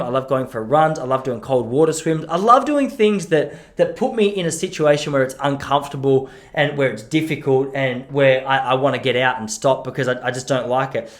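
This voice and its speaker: A young man with an Australian accent hosting a podcast, talking casually on his own and acting out voices as he tells stories about his young son. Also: on the high side. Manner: chatty, self-mocking, acts out voices in quoted stories. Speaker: podcast host. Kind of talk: casual solo monologue.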